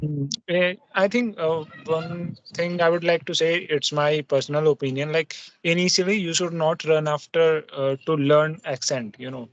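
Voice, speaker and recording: Man, slightly high voice, halting casual talk, dull lo-fi sound. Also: steady tone. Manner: hesitant, many fillers and restarts. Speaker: host. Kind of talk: casual conversation practice. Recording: muffled lo-fi audio.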